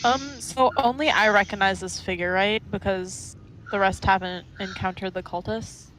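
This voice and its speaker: A woman's voice: mid-range voice, steady tone, normal speed, fairly bright tone, slight background noise, low-quality recording. A woman playing in a tabletop game over a voice call, talking bluntly and teasing the others. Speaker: player. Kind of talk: casual tabletop game chat. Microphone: computer microphone on a voice call.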